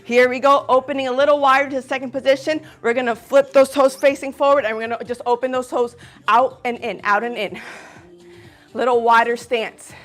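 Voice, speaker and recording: A woman's voice: sits high, fairly even intonation, fairly quick, a bit bright, faint music behind. Breathless upbeat woman coaching a workout. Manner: upbeat, encouraging, counts reps and whoops. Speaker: fitness instructor. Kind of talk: live workout instruction.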